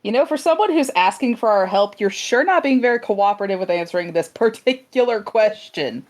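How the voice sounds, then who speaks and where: A woman voicing a defiant furry teenage girl in a lowered voice, in a tabletop game. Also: animated, a little fast, close to an everyday voice. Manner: blunt, sulky defiance.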